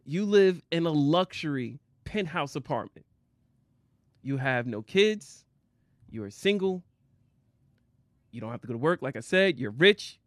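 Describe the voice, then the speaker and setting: A man's voice: on the high side, lively intonation, unhurried, long pauses, dry recording, clean studio sound. A man co-hosting a casual chat show, teasing his partner and laughing often. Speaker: podcast co-host.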